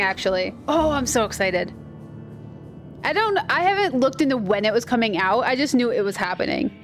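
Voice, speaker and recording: A woman giving casual, rambling commentary while playing a video game and telling stories. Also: fairly high pitch. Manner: chatty, rambling storyteller. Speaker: gaming video creator. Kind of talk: casual let's-play commentary.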